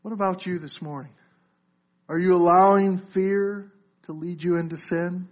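Steady in tone, high-pitched, and moderately paced, a male pastor preaches with earnestness. He keeps calling the audience "folks" and restarts often, repeating words. The sound quality is muffled lo-fi.

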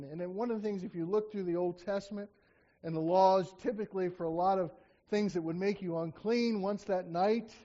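A high-voiced man preaches in a relaxed, conversational way, breaking off to act out quotes with growing force. The recording is dull and lo-fi. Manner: conversational, acts out quotes with rising emphasis. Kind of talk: sermon with scripture reading.

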